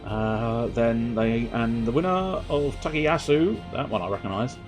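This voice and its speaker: A young man with a medium-pitched voice streams a video game, speaking a little slowly over faint game music. His casual gameplay commentary rambles to viewers in a self-amused way, and he sometimes sings joke lines.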